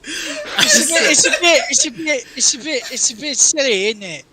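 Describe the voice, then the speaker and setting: A man's voice: very high voice, huge pitch swings, moderate pace, heavy background noise, voice pushed up, full character voice. A man playing a rowdy young British bloke in a put-on accent, blustering and repeating himself. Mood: jokey.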